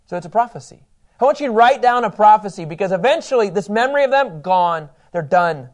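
A man's voice: high-pitched, lively intonation, fairly quick. A middle-aged man teaching a Bible class in a conversational way, reading scripture aloud and asking his listeners questions.

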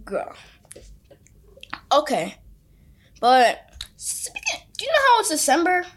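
High-pitched chatty young woman. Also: slow. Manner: animated storytelling, chatty. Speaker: podcast co-host. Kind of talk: casual chat.

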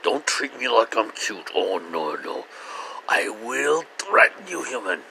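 A man's voice: on the low side, sing-song, unhurried, gravelly, sharp tone, a little hiss or hum, heavily acted. A man voicing his grumpy old female house cat, with menacing, partly whispered threats. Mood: threatening.

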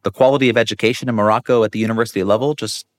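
A man's voice: on the low side, steady tone, racing. A man hosting an interview, asking questions in a friendly, curious, joking way. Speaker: podcast host. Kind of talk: casual interview conversation.

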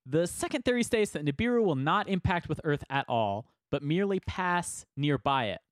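A man's voice: fairly high pitch, lively intonation, normal speed, no echo, clean studio sound. A man hosting a casual podcast, explaining a theory at length and joking and laughing often. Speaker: podcast host presenting the topic.

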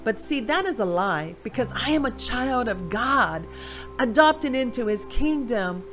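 A woman from Ohio gives a personal faith testimony, animated storytelling with voiced quotes. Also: on the high side, unhurried, over music. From Ohio, USA. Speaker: Christian speaker.

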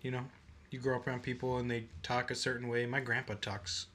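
Animated young man, bright voice. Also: medium pitch, brisk, slight background noise. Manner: animated storyteller, puts on drawled voices. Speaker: podcast co-host. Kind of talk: casual chat.

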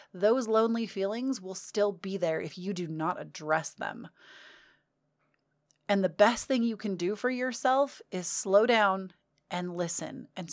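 A young woman vlogger with a medium-pitched voice talks candidly to camera about healing and self-care. She comes across as earnest and confiding, swearing casually, in a clean studio recording with no echo.

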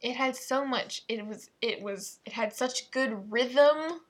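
A woman's voice: fairly high pitch, takes it slowly, breathy edge. A woman hosting a casual solo podcast, playful and self-mocking, prone to giggling as she talks. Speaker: podcast host.

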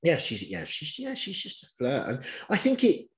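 A man casually chatting about a reality show, animated and swearing offhand, his pitch jumping when he gets exasperated. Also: moderate pace, rough recording. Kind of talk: casual chat recapping reality TV.

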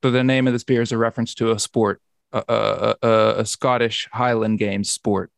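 A man's voice: on the low side, little pitch movement, moderate pace, gravelly, dry recording, clean studio sound. A man hosting a podcast in casual chat, rambling and often restarting his sentences. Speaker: podcast host.

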